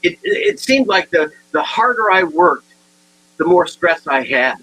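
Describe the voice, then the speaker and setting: A man in his sixties giving a humorous motivational talk, animated and acting out the people in his stories. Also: sits high, measured pace, slightly rough, rough recording. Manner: animated storyteller acting out dialogue. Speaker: keynote speaker.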